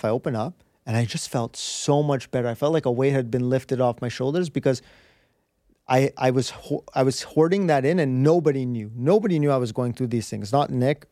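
A man's voice: medium pitch, mellow, dry recording, clean studio sound. A man as a podcast guest, telling a personal story in an earnest, rambling way with many restarts. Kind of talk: candid storytelling in conversation.

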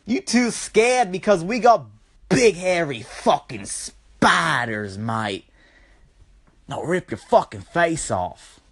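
A brash Australian bloke, put on by a speaker who taunts and goads. The put-on accent is broad, and the delivery is confrontational. The pitch swings around a lot as he pushes. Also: animated, takes it slowly, husky. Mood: taunting. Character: aggressive Australian bloke picking a fight.

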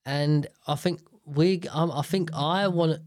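A man's voice: a little high, fairly even intonation, a little slow, a little mellow, dry recording, studio quality. A young man talking alone in a casual, rambling monologue, swearing often and breaking off his own sentences. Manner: rambling, swears a lot, self-interrupting. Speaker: solo podcaster.

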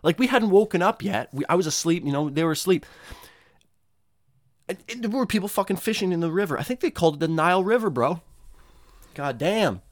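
A young man doing a rambling, profane comedic monologue, often jumping into high-pitched voices for the people he quotes. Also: animated, a little fast, long pauses, dry recording, clean studio sound.

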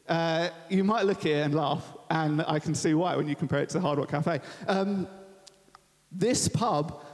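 A man's voice: on the high side, a little mellow. Young man preaching in a reverberant hall. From Thanet, Kent, England. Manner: chatty, self-deprecating storyteller. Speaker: guest preacher. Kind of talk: sermon with personal storytelling. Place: large church venue. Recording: long reverb of a church hall.

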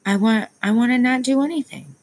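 A woman's voice: on the high side, brisk, darkish tone, poor audio. A young woman, a parent, talking candidly to her viewers in a rambling vlog, with plenty of ums and self-aware asides. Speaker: parent vlogger.

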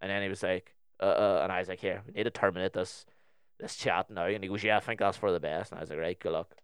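A young Northern Irish man tells a story in casual podcast chat, acting out each side of a past conversation. His voice sits fairly low and sounds smooth and clear. The sound is dry and close, with no room around it. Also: fast talker, dry recording. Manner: animated, acts out both sides of the story.

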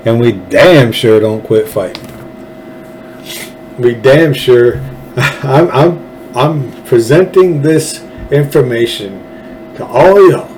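A man's voice: mid-range voice, darkish tone, a little hiss or hum, poor audio. A man with a Texan accent hosting a political commentary show, talking in a folksy, fervent, rambling way with frequent restarts. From Texas. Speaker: show host.

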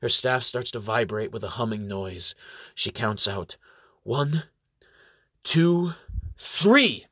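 A man narrating a fantasy battle story in a measured, dramatic way. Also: fairly low pitch, steady tone, bright, forceful tone, no room sound, clean studio sound.

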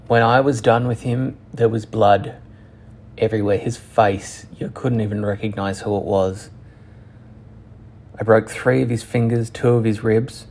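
A young man telling a personal story frankly and profanely, halting often with restarts. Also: on the low side, steady tone, darkish tone. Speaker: channel host.

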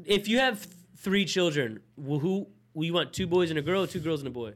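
A man's voice: fairly high pitch, expressive, fairly quick. A young man co-hosting a podcast, bantering loosely and swearing as he chats with his friend. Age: young adult. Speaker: podcast co-host. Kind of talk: casual chat.

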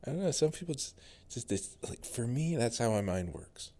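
A man's voice: medium pitch, big pitch swings, moderate pace, warm tone. A man with a General American accent, rambling through a casual solo monologue as a podcast host. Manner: rambling, musing, many fillers and restarts.

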